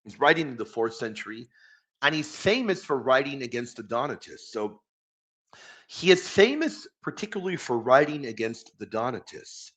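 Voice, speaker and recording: A man's voice: mid-range voice, sing-song, normal speed, fairly bright tone. A man hosting a live stream, chatting casually and enthusiastically with viewers and reading quotes aloud.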